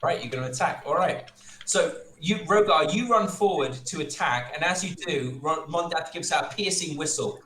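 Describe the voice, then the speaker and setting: Halting game master man, roomy sound. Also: a little high, a bit bright, a little hiss or hum. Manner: halting, filler-heavy narration. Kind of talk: narrating a tabletop game.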